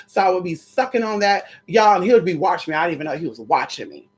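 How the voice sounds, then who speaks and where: A young adult woman telling a personal story to her viewers in a sassy, animated way, often calling them "girl" and "y'all". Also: lowish voice, fast, few pauses, husky. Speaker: storyteller vlogger.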